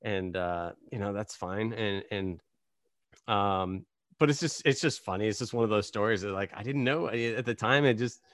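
A man's voice: on the low side, normal speed, fairly bright tone, dry recording, clean studio sound. A man hosting a casual podcast conversation, telling rambling, self-deprecating stories. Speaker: podcast host.

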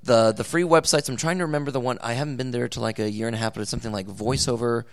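A man speaking on a convention panel, giving animated, jokey advice on voice acting. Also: mid-range voice, racing, clean tone.

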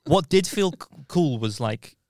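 A man's voice: on the high side, expressive, unhurried, a little mellow, dry recording, studio quality. A man chatting and laughing in casual podcast talk.

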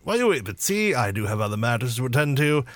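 A man voicing a polite but insistent military colonel in a tabletop game, halting with fillers. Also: medium pitch, sing-song, no echo, close to an everyday voice. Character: businesslike military colonel, middle-aged man.

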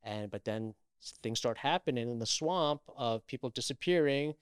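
A man's voice: mid-range voice, lively intonation, moderate pace, clear, resonant tone, no room sound, studio quality. A man, an actor, chatting as an interview guest, telling stories animatedly with many restarts. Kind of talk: casual interview chat.

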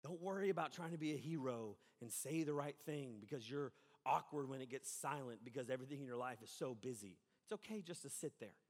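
A man preaching a sermon as pastor, animated and conversational, acting out the voices of people he quotes. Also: mid-range voice, fairly quick, long reverb tail.

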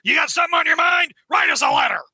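A man acting out a blustering, shouting newspaper boss from a comic book. The voice sits high and cutting, barked out in indignant bursts. The sound is dry and close, with no room around it. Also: animated, racing, gravelly, no echo, heavily acted. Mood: outraged bluster. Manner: loud, indignant, barking.

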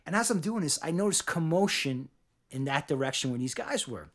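A middle-aged man tells a long story in loose podcast chat, with a voice pitched a little above the usual. He swears freely, restarts his sentences and keeps tagging on "man". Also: fairly quick. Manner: animated, profane, lots of restarts and "man". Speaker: podcast host telling a bartending story.

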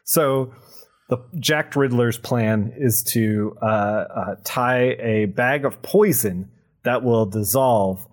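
A young man recapping a comic book on a podcast, animated and sarcastic, laughing often. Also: medium pitch, takes it slowly. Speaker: podcast co-host.

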